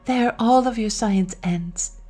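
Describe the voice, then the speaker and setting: A woman reading an audiobook, voicing a gentle, sorrowful noble lady in a soft, wistful, higher voice. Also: takes it slowly, soft background music.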